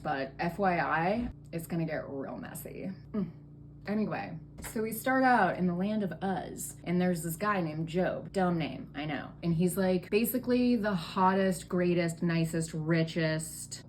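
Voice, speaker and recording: A woman with a fairly low voice tells a Bible story as a comedy bit, a little tipsy. She is sarcastic and profane and fills her lines with casual valley-girl fillers. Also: slight background noise.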